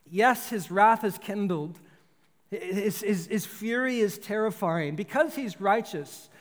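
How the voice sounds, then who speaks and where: A man preaching a sermon in earnest, often repeating words and restarting phrases as he goes. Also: sits high. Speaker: pastor. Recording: long hall reverb.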